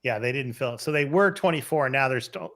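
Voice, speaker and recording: A man co-hosting a casual podcast in a relaxed, easygoing way. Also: medium pitch, brisk. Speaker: podcast co-host.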